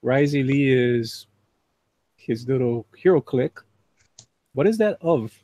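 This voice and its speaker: A man's voice: mid-range voice, expressive, slow, warm tone, dry recording. A man hosting a live drawing stream, chatting casually with call guests and reading chat messages aloud in a laid-back way. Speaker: livestream host and artist.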